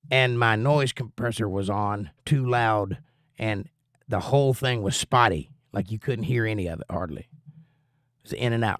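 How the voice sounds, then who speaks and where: Folksy rambling stream host, dry sound. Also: male voice, medium pitch, fairly bright tone, no room sound. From United States. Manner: rambling, folksy, reads chat aloud. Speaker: livestream host. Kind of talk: casual chat reading viewer comments.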